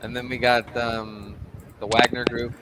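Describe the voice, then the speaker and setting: A man's voice: mid-range voice, little pitch movement, measured pace, heavy background noise. A man chatting casually on a political voice call, rambling with lots of fillers and laughs. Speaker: voice-call guest.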